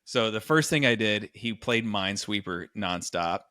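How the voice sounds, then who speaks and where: A man's voice: fairly low pitch, moderate pace, no room sound, clean studio sound. A man co-hosting a podcast, telling college stories in casual chat and acting out the voices of the people in them. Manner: animated storyteller, acts out quoted voices. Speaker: podcast co-host.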